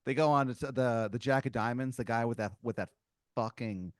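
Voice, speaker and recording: A man hosting a comedy podcast, improvising a story in a rambling, halting way with many fillers and giggles. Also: mid-range voice, no echo, clean studio sound. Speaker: podcast host.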